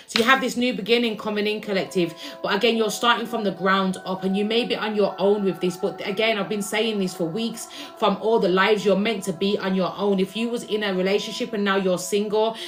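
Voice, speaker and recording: A woman's voice: medium pitch, fairly quick, hardly any pauses. A woman giving a casual, rambling live tarot reading to her viewers, repeating herself and restarting her words as she goes. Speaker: tarot reader.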